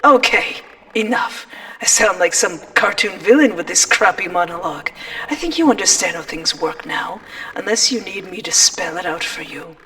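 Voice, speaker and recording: A woman voicing a mocking, manipulative male angelic being who talks in a slow, smug, taunting way. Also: on the low side, expressive, sharp tone, rough recording.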